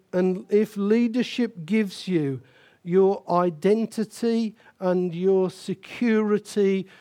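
Slow, mellow-voiced older pastor. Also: male voice, sits high. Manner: emphatic, repeats key phrases for stress. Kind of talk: sermon.

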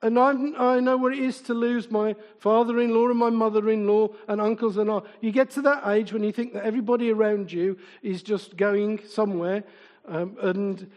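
A middle-aged preacher with a very high voice that rings out in a long echo through a large hall. His sermon is chatty and informal. He keeps turning to the congregation with questions and drops in funny stories about himself. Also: fairly even intonation, normal speed, muffled recording. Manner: informal and chatty, asks the congregation repeated questions, tells humorous anecdotes. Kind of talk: conversational sermon.

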